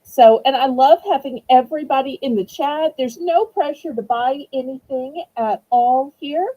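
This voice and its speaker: A woman's voice: high voice, normal speed, warm tone, rough recording. A woman with a Southern US accent hosting a live-stream auction, gracious, chatty and effusive. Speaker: auction host.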